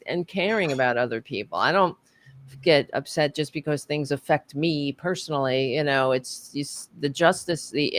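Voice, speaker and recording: A woman's voice: very deep voice, a bit bright, no echo. An American woman on a podcast panel, talking in an impassioned, profane way with many restarts. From United States. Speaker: book club panelist. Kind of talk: podcast discussion.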